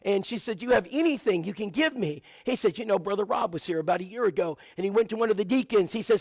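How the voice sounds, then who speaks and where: High-voiced preacher telling a story. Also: male voice, lively intonation, fast, few pauses, a little mellow, dry recording. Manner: storytelling with many lists and asides. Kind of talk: sermon.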